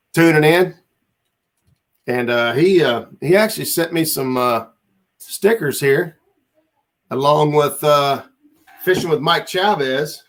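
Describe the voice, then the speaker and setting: A man's voice: on the high side, vocal fry. A man hosting a casual livestream chat, laid-back and rambling as he reads out viewer comments. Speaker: livestream host.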